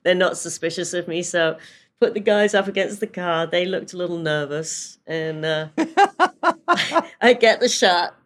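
A woman's voice: fairly low pitch, unhurried. A British woman from England in her sixties, a photographer telling stories in a casual interview, chatty and full of fillers. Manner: chatty storyteller with many fillers and laughs. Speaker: photographer guest.

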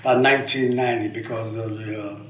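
This older man speaks quickly in a lowish, fairly bright voice with fairly even intonation. A veteran poet giving a candid interview, he tells rambling, emphatic stories full of profanity and often ends sentences with "man"; the audio is echoey, distant-miked, with faint ambience.

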